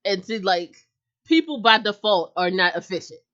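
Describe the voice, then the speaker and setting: A woman's voice: mid-range voice, lively intonation, normal speed, a bit bright. Giggly chatty woman, lo-fi audio. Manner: chatty, giggly, lots of "like" fillers. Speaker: podcast co-host. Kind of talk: casual chat.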